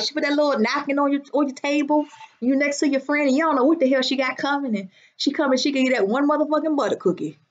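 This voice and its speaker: A woman's voice: high voice, fairly bright tone, lo-fi sound. A woman hosting a casual live stream, brash and profane, greeting her viewers by name. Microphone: phone.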